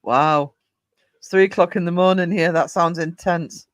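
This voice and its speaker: A man with a British accent and a high, light voice chats loosely and reads out viewer comments. He restarts his sentences often. The sound is dry and close. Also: steady tone, normal speed, no echo. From United Kingdom. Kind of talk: casual livestream chat. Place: home at night.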